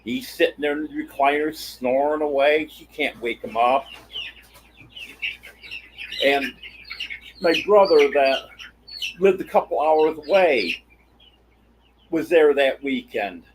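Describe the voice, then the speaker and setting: Slightly high hoarse guy on a farm livestream, folksy chat, faint noise and birds around. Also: slow, pauses often, rough recording. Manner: folksy storytelling, replies to chat. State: voice giving out, hoarse. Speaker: livestream host. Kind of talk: casual live-stream chat.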